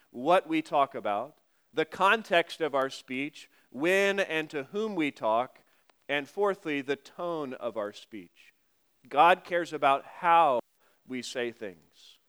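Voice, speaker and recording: A man delivering a sermon in a smooth, clear voice that sits a little high for a man. He talks to his listeners conversationally, slows down to read scripture aloud, and drops in wry asides. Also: a bit bright. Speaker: pastor.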